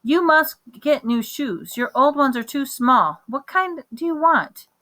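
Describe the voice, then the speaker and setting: Woman voicing a storybook mother, fussy, anxious, hushed scolding. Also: high voice, expressive, a little slow, voice pushed up. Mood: coaxing. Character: fussy, easily embarrassed mother.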